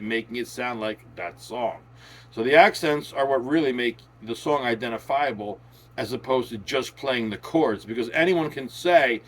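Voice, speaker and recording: A man's voice: a little high, a bit bright. A man teaching guitar in a chatty, emphatic way, repeating key words and drifting into folksy asides. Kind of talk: casual instructional talk to camera. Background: guitar playing.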